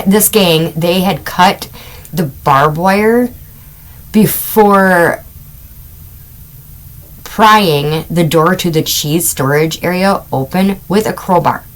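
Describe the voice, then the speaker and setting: A woman's voice: fairly low pitch, rough recording. A middle-aged woman hosting a casual crime podcast, telling stories with chatty asides and amused laughs. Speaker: podcast host.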